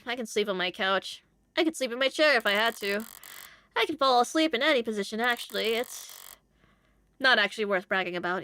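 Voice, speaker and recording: Bright, lively woman streamer. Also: a little high. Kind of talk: reading a visual novel aloud.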